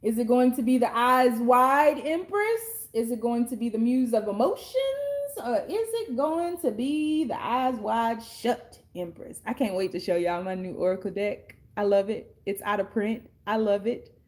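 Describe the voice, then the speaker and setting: This is a high-voiced woman doing a casual tarot reading on camera. She talks bluntly and sassily, swears freely and leans into slangy street talk. She sounds like herself, with nothing put on. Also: lively intonation, measured pace. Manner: blunt, sassy and profane. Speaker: tarot card reader.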